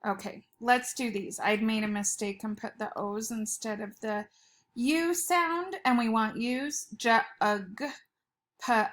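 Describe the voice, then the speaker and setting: A woman's voice: fairly high pitch, a little slow, fairly bright tone, a little hiss or hum. A woman teacher giving a spelling lesson to young students, sounding out words patiently.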